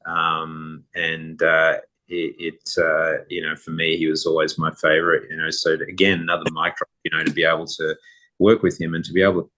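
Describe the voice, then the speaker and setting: A middle-aged man with a very low voice that stays level and barely rises or falls. He tells long, rambling anecdotes in a relaxed, casual way as a podcast guest. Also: brisk. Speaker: guest photographer. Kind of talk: casual interview storytelling.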